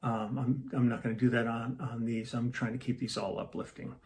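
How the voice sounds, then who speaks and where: A musician hosting a casual home livestream, rambling and breaking off mid-thought before telling a joke. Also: male voice, mid-range voice, flat delivery, brisk, a little mellow. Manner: rambling, self-interrupting storyteller. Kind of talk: casual chat to camera.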